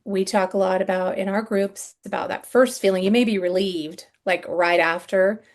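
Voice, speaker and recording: Earnest middle-aged woman, gravelly edge. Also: medium pitch, fairly even intonation. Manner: earnest, halting, with frequent ums and soft sighs. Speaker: guest sharing her story. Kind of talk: candid podcast interview.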